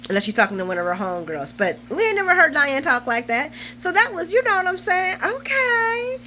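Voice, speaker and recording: Bright-voiced woman in her forties chatting. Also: sits high, very animated, fast, a little hiss or hum. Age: 40s. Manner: chatty and colloquial, laughs often, retells scenes with feeling. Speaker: soap opera recap host. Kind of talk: casual chat, episode recap.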